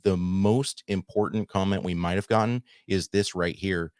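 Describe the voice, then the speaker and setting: A man's voice: low voice, fairly even intonation, normal speed, a little mellow, dry recording, clean studio sound. A man hosting a casual talk show, wry and laid-back, reading out viewer comments. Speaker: podcast host.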